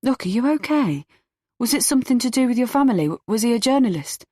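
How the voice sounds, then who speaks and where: A man's voice: extremely high pitch, big pitch swings, fast, a little mellow, no room sound, studio quality, pitched above the performer's own voice, full character voice. A woman voicing an earnest young man who sounds anxious and concerned.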